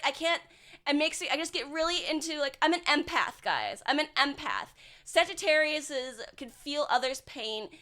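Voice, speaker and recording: A woman's voice: high voice, sharp tone. A young woman streaming as a VTuber, chatting casually and bluntly with her chat, swearing and sarcastic, full of filler words.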